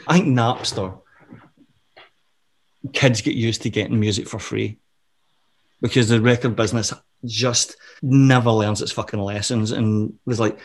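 A middle-aged man, a podcast guest telling swearing-laden anecdotes in a casual, animated way. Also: mid-range voice, moderate pace, a little hiss or hum. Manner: profane, animated anecdotal storyteller. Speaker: interview guest. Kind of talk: casual storytelling interview.

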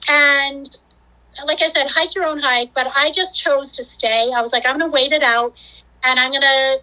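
Bright high-pitched chatty woman. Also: steady tone, normal speed, low-quality recording. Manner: chatty, many fillers, acts out her own quotes. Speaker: podcast guest. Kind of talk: casual storytelling.

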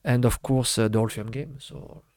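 A middle-aged man from France with a French accent, recalling his football career in halting English full of fillers during a casual interview. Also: medium pitch, fairly even intonation, a little mellow, dry recording, studio quality. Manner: halting non-native English with many fillers. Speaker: former footballer guest.

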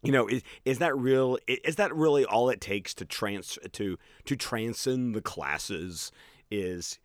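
An American English teacher chats casually about a film, animated and laughing often as he quotes lines in mock voices. His mid-range voice moves at a measured pace, and the studio recording is clean with no room sound.

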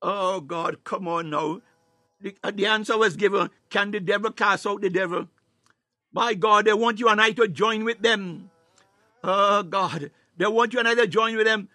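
A man preaching a fervent sermon, filling every pause with "my God" and "hallelujah" and sometimes breaking into tongues and shouts. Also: sits high, no echo, studio quality. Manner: bursts into tongues, rising to shouts.

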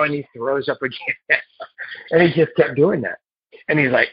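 A man telling his recovery story to a meeting in a halting, earnest way, heard over a phone. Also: mid-range voice, slightly rough, no room sound. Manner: halting and earnest, with repeated restarts. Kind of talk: personal recovery story told to a group. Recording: muffled phone line.

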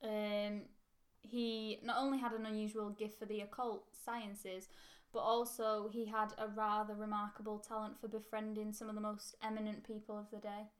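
A woman's voice: mid-range voice, completely flat delivery, normal speed. A young woman hosting a casual history podcast, chatty, laughing easily and poking fun at herself. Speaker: podcast host.

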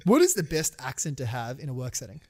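A man's voice: mid-range voice, big pitch swings, fast, a little mellow. Young man swearing in casual chat. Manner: swears freely, laughs often. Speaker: podcast co-host.

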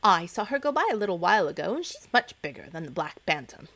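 A woman's voice: on the low side, very animated, quick pace, fairly bright tone, full character voice. A woman voicing a timid, polite little girl egg in a storybook reading.

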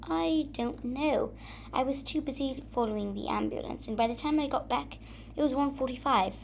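A woman's voice: high-pitched, normal speed, vocal fry, a little hiss or hum, pitched above the performer's own voice. A woman voicing a flustered, apologetic coworker.

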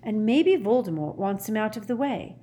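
Teen boy wizard, read by a woman, earnest, musing, higher pitch, storybook. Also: expressive, normal speed, dark tone, a little hiss or hum, lightly acted. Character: teenage boy wizard, worried and thoughtful.

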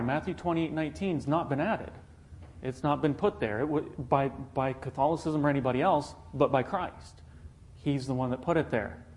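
Earnest man preaching a sermon. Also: fairly high pitch. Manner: earnest, rhetorical questions to the congregation.

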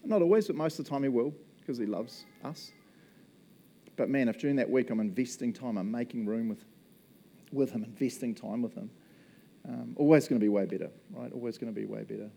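Mellow-voiced New pastor, chatty and jokey. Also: male voice, mid-range voice, brisk, gravelly. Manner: chatty and jokey, laughs often, acts out little quoted voices. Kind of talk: casual conversational sermon.

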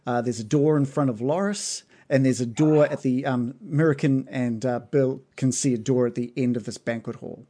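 A man's voice: medium pitch, steady tone, normal speed, few pauses, dark tone. Aussie guy dm'ing a tabletop game, casual, keeps going um. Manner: casual, hesitant with many ums. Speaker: game master.

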